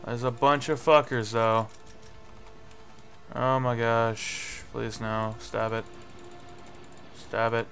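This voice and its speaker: A young man talks through a shooter game at an unhurried pace, close to a desk mic. He swears freely and blows up in frustrated yells. Faint music plays under his voice. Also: medium pitch, level tone. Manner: swearing, frustrated, yelling in bursts. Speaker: gameplay commentator. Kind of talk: live game commentary.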